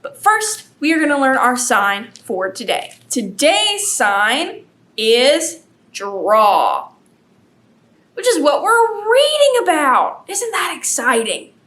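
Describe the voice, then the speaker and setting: A woman leading a children's storytime as librarian, animated and gasping with exaggerated delight for the kids. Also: high-pitched, slow pace.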